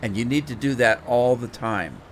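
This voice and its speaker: A middle-aged man hosts a game livestream, chatting casually while he plays and rambling, often repeating words as he thinks. His voice is mid-range and expressive at a moderate pace, with slight background noise.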